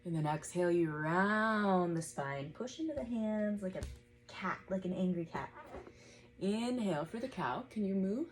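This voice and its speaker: A woman in her thirties teaching a gentle yoga class at home, guiding breaths patiently and encouragingly. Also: medium pitch, expressive, normal speed, soft background music.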